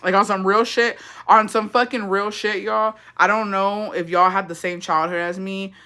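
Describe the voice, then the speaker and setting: In a storytime segment of her indoor livestream, a young woman from Texas speaks in a steady, sharp, mid-range voice at normal speed. She talks bluntly, swearing a lot and mixing in Spanish phrases.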